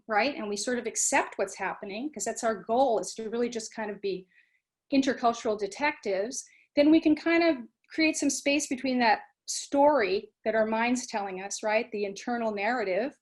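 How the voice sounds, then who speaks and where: A woman's voice: a little high, moderate pace. A middle-aged woman, a program director, giving an informal talk on mindfulness. She talks conversationally and acts out students' inner voices. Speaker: study abroad program director.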